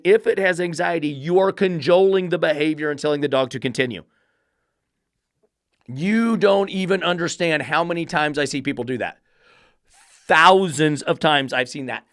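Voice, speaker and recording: This dog-training podcaster is blunt and combative, peppering his remarks with profanity and mocking falsetto baby talk. His voice is recorded in studio quality with no echo.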